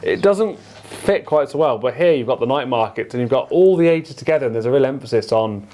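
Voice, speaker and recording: A man's voice: mid-range voice, lively intonation, a little fast, warm tone. A man, talking easily and at length as a guest. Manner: easygoing, rambling, talks in long runs. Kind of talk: casual chat.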